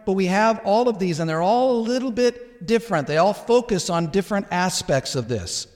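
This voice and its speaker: A man's voice: sits high, animated, a little mellow. Man preaching in a reverberant sanctuary. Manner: explanatory, measured, with frequent restarts and asides. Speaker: pastor. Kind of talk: expository sermon. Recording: long hall reverb.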